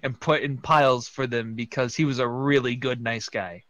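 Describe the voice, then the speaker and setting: A man reading a fan story aloud for laughs, jumping into loud voices for the characters. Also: medium pitch, fairly even intonation, normal speed, slight background noise. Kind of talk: comedic dramatic reading.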